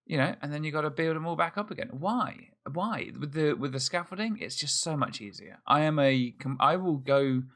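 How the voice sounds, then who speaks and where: A man's voice: on the high side, animated, normal speed, few pauses, a bit bright. A man hosting a let's play, thinking aloud in chatty, self-mocking commentary as he plays. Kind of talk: casual gameplay commentary.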